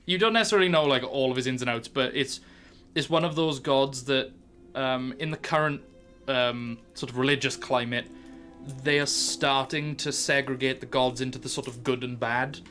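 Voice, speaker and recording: A man's voice: medium pitch, moderate pace, pushed and bright, soft background music. A British man narrating as game master, laughing and rambling through descriptions.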